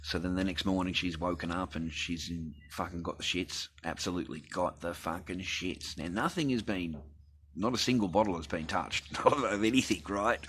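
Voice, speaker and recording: A man's voice: low-pitched, normal speed, a bit bright, slight background noise. An Australian man telling a personal story in a blunt, rambling rant full of swearing. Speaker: vlogger.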